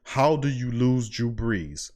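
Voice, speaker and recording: A man's voice: mid-range voice, expressive, slow, darkish tone. A man hosting a sports podcast at his mic, preaching his points and repeating phrases for emphasis. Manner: preachy, repeats phrases, heavy Southern US slang. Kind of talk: fired-up sports talk. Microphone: studio mic.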